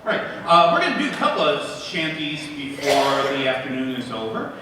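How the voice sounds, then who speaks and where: A man introducing songs with relaxed, joking stage banter at a live gig. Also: medium pitch, normal speed, noisy background. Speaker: folk group member. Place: live gig in a gallery venue. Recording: echoey hall from far off.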